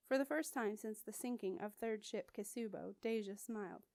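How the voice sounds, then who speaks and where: A woman narrating a novel as an audiobook, measured and clear. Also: mid-range voice, darkish tone, dry recording. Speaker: audiobook reader.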